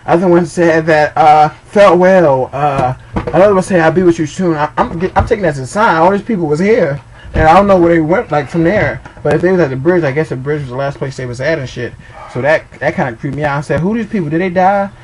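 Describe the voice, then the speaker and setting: A man's voice: on the high side, quick pace, low-quality recording. A young man telling rambling, profane funny stories in a casual way, laughing along as he goes. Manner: rambling, swearing, laughing at his own stories. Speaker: storyteller. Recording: faint background noise.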